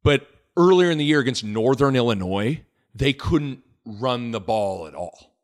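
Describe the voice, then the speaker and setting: A man hosting a casual sports podcast, animated and joking, with rambling asides. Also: mid-range voice, a little slow. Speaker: podcast host.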